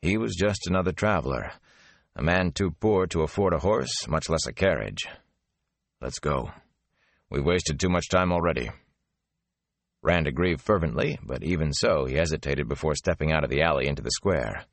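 Deep-voiced male audiobook narrator. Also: no room sound. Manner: steady, measured storytelling. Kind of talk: scripted fantasy narration.

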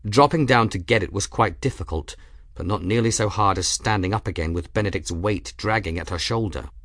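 Low-voiced man narrating an audiobook. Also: fairly bright tone, dry recording, studio quality. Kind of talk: scripted narration.

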